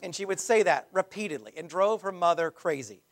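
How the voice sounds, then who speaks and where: A man's voice: sits high, expressive, fairly quick. A man in the role of pastor, preaching a conversational sermon with frequent restarts and asides.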